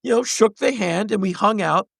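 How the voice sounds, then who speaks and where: A man in his sixties tells stories as a podcast guest, sounding lively and acting out each person he mentions. His voice sits high for a man and is gravelly, and it is recorded close and dry. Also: moderate pace, no room sound. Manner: animated storyteller who acts out the people in his stories. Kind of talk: storytelling in conversation.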